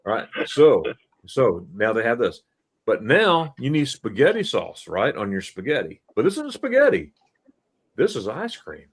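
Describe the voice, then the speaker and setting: A middle-aged man hosting a casual live stream, telling animated stories and quizzing his listeners as he goes. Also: medium pitch, normal speed, a little hiss or hum. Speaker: host.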